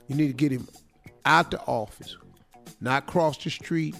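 Gravelly, animated radio host man. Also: mid-range voice, unhurried, faint music behind. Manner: animated, slangy and joking. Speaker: radio morning show host. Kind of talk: comic advice talk, role-playing a letter writer.

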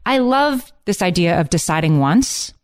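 A woman with a somewhat low voice talks casually on a podcast. She tells her stories with eager enthusiasm. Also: expressive, normal speed, clean tone. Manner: chatty, enthusiastic storyteller. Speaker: podcast co-host. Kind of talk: casual chat and read sponsor ad.

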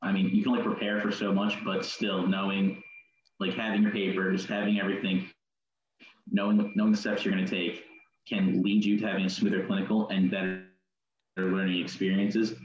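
A young man in his twenties gives practical, matter-of-fact advice. His very deep voice stays flat, and the recording sounds dull and roomy with a faint hiss behind him. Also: brisk. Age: 20s. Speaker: nursing student guest. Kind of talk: casual podcast chat.

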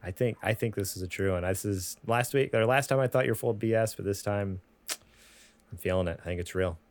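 A man hosting a podcast, joking around in casual chat with frequent halting restarts. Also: fairly low pitch, dry recording. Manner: jokey, rambling, halting restarts. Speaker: podcast host.

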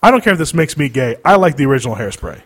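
Male podcast host, casual and sarcastic; expressive, slightly high delivery. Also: rapid-fire, husky. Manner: animated, sarcastic, laughs a lot. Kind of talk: casual chat.

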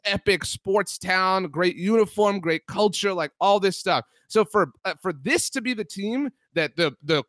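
A slightly high-voiced man rants through a casual sports debate, piling on fillers as he presses each point. He comes through close and dry, with no room sound. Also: unhurried, hardly any pauses, no echo. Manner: animated, ranting, heavy use of "like". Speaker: podcast co-host.

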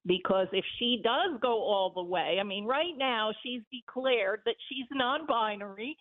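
A woman talking politics in a casual chat, animated and laughing often as she talks. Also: a little high, a little slow. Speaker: political commentator. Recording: tinny phone-line sound.

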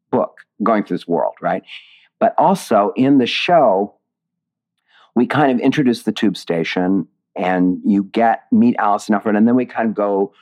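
A man's voice: lowish voice, darkish tone. A man being interviewed about his writing, talking in a reflective, digressive way with many restarts. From Indiana, USA. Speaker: playwright and author being interviewed. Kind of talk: casual interview conversation.

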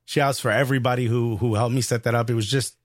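A man with a New York accent, a comedian co-hosting a podcast and telling an excited, slangy story in casual chat. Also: medium pitch, fast talker, no room sound, studio quality.

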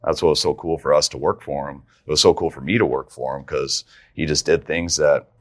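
A man's voice: rumbling low, steady tone, brisk. A man who is a head coach, guesting on a podcast and telling stories casually, often restarting his sentences and laughing as he talks. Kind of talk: casual storytelling.

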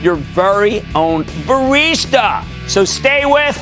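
A man in his sixties hosting a stock market show, delivering commentary and answering callers in an emphatic way, dropping from loud to hushed. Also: high-pitched, lively intonation, music in the background. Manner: emphatic, rapid shifts between loud and hushed.

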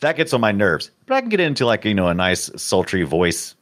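Animated low-voiced man co-hosting. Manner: animated, jokey, quick reactions. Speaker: podcast co-host. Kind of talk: casual chat.

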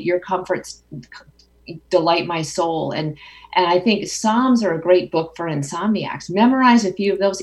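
A middle-aged woman speaks as a guest in a conversation, thoughtful and earnest, often circling back to restart a phrase. Her voice sits somewhat low for a woman. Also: darkish tone. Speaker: author and guest. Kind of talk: phone interview conversation.

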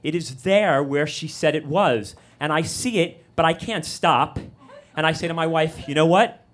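A middle-aged man telling a true story live on stage, rambling, self-deprecating and full of quick asides. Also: on the high side, fairly bright tone.

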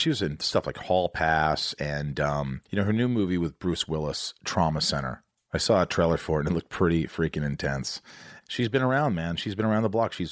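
Brief: low-voiced male host, dry close mic, jokey and loose. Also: dry recording. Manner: joking, loose and rambling. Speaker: podcast host. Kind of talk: casual interview chat.

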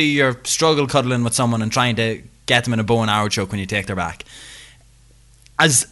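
This young Irish man co-hosts a podcast, his medium-pitched voice sharp in tone. The talk is casual, chatty and jokey, and he spends it talking himself up.

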